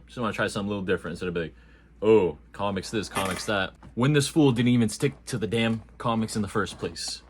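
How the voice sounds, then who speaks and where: A man giving a casual, animated and slangy movie review, joking along as he talks. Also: lowish voice.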